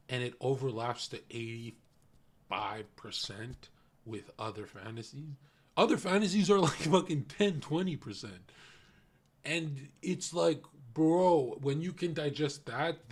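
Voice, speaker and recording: A male streamer bluntly rants to his chat in casual reaction-stream commentary, his voice carrying a noticeable lisp. His pitch is ordinary mid-range, and he rambles in a loose, profane, off-the-cuff way.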